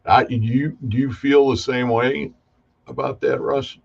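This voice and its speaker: A man's voice: mid-range voice, steady tone, a little slow, gravelly, highs cut off. A man hosting a casual chat, asking rambling questions with many restarts. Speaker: host. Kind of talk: casual video call chat.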